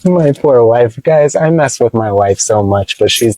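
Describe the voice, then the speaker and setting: An American man teaching English vocabulary in a casual vlog from inside a parked car, playful and teasing, explaining slowly with lots of repetition. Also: medium pitch, expressive, mellow, no echo, rough recording. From United States. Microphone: phone camera held by his wife.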